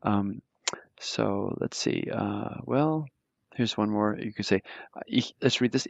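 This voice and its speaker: Male language teacher, lowish voice, patient, halting explanations, dry, dull audio. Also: vocal fry, dry recording. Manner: explains patiently, with frequent fillers and restarts. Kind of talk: live online grammar lesson.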